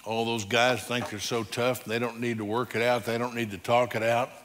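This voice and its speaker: A male pastor preaching a sermon, emphatic and direct, moving between loud declarations and quiet, low passages. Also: flat delivery, moderate pace, long reverb tail. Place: church sanctuary.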